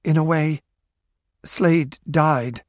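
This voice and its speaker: A man's voice: on the high side, steady tone, very slow, no room sound, clean studio sound, pitched above the performer's own voice. A man voicing a frightened woman who pleads desperately and sobs, in an audiobook. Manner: desperate, sobbing pleas. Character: terrified pleading woman, a nurse's wife.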